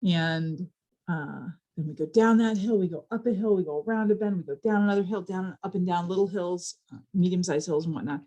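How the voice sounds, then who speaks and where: A woman from a library telling a personal story in a casual, animated way, building suspense with repeated phrases. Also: lowish voice, fairly quick, muffled recording.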